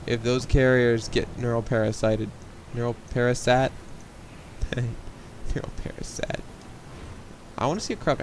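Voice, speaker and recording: A man's voice: mid-range voice, slight background noise. A man casting a video game match in a casual, joking play-by-play style. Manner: casual, jokey, builds to excited shouting. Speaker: game caster. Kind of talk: esports play-by-play commentary.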